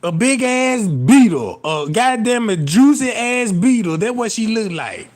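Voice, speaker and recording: High-voiced man in a profane comic rant. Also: big pitch swings, measured pace. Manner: profane, rambling, keeps asking "you know what I'm talking about"; laughs at his own jokes.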